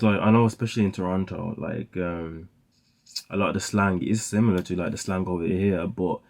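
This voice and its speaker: A young man with a lowish, mellow voice hosts a music reaction show. His commentary on the songs is casual and rambling, packed with "like" fillers.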